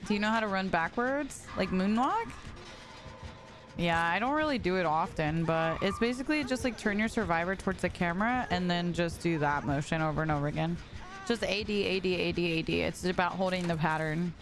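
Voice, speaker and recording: A woman's voice: fairly low pitch, fairly quick, over music. A young woman streaming a game, chatting casually and reading messages from her chat with frequent giggles.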